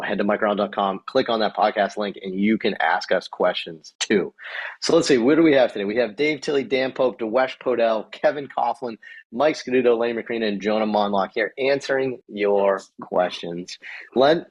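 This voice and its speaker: A man's voice: on the low side, slightly rough. A man hosting a physical therapy podcast in casual chat, rambling with many fillers and frequent laughter.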